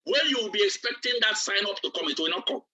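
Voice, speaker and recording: A man's voice: high voice, expressive, quick pace, bright, forceful tone. A man, a business coach giving a preacher-like motivational training, repeating himself emphatically. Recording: distant, dull lo-fi recording.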